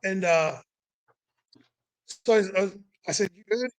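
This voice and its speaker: A man's voice: sits high, takes it slowly, dry recording, low-quality recording. A young man telling a racing story in loose, rambling casual chat, full of "like" and "you know". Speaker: podcast guest.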